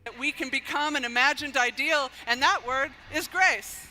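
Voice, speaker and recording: A woman giving an earnest inspirational speech, measured and softly emphatic. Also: high-pitched, soft background music. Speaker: speaker giving an inspirational talk.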